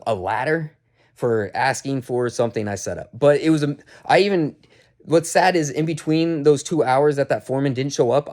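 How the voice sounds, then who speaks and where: A man's voice: mid-range voice, darkish tone. A man telling a story about a tense job in a casual, rambling way, with frequent restarts. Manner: rambling, restarts, heated retelling. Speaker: vlogger.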